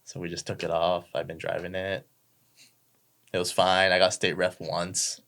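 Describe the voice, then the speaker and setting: A man's voice: low voice, level tone, normal speed, creaky, a bit bright. A young man, a podcast guest telling a story casually, laid-back and swearing freely. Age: young adult.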